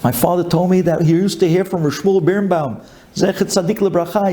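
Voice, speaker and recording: A man's voice: sits high, moderate pace, pauses often, dark tone. A male rabbi giving a storytelling sermon, emphatic and repeating key phrases. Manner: emphatic, rhetorical questions, repetition.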